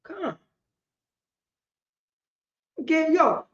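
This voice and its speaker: A woman teaching a religious law class in an impassioned preaching style, repeating herself with emphasis and swinging between shouts and quiet words. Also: high-pitched, sing-song, slow, long pauses. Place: indoor meeting room. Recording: roomy, slightly dull lo-fi sound.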